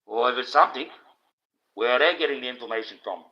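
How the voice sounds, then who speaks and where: A fast-talking Australian man of medium pitch hosts a livestream and launches into an indignant rant. It's blunt and profane, carried on dull, lo-fi stream audio.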